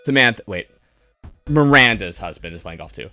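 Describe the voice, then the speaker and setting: A man's voice: fairly low pitch, lively intonation, normal speed, sharp tone, faint music behind. A man giving a casual, rambling movie review on a stream, sardonic and full of fillers and restarts.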